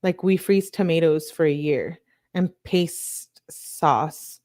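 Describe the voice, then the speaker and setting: A woman's voice: deep voice, takes it slowly, darkish tone. A woman reading text messages aloud in a casual way, breaking off for asides and disgusted reactions. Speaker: true crime commentator.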